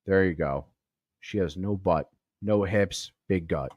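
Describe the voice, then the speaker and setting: Low-voiced man telling crude stories. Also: slow pace, background noise. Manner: profane, rambling, laughs at his own story. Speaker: podcast host. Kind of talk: crude comedic storytelling.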